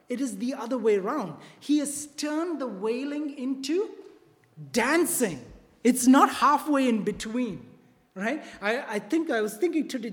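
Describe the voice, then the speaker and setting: A preacher giving a sermon in a church, repeating key phrases and often checking in with the congregation with a quick "right?" or "okay?". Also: medium pitch. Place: church sanctuary. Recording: long reverb of a large hall.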